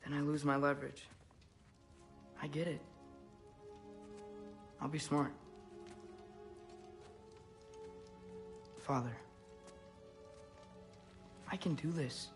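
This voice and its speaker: An earnest teenage boy hero in a video game, speaking slowly in a slightly raised voice. He sounds sincere and a bit awkward. Game music plays clearly beneath his lines. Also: fairly high pitch, fairly even intonation. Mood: determined. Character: earnest teenage boy, young godling on a quest. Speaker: player character. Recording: game audio over music.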